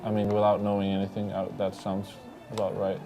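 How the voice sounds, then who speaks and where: A man livestreams a racing game, bantering casually, poking fun at himself and laughing often. His voice is on the low side, monotone and fairly quick, with music playing in the background.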